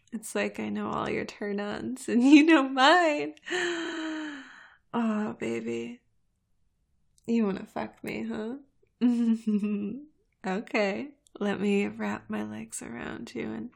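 Slow, giggly woman with a fry-edged voice. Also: on the high side. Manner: giggly, moaning, breathy and intimate. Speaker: audio performer. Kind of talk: intimate erotic audio role-play.

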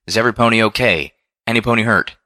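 A man's voice: sits low, fairly even intonation, fast, sharp tone, dry recording, clean studio sound. A man reading a storybook voices a caring but stubborn farm-pony mare who speaks in a folksy country dialect. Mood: concerned.

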